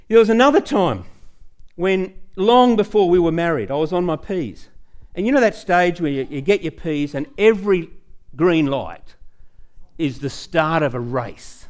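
A middle-aged pastor with a fairly high voice preaches in a church. He tells stories about his own life with plenty of animation, and his voice rises as he gets caught up in the account. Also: normal speed. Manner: storytelling, animated, rising excitement. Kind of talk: sermon with personal stories.

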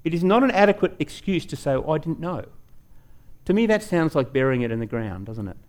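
Emphatic higher-voiced male preacher. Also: sing-song. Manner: emphatic, slows down to stress key words; rises and falls sharply in pitch and loudness. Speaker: pastor. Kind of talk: sermon.

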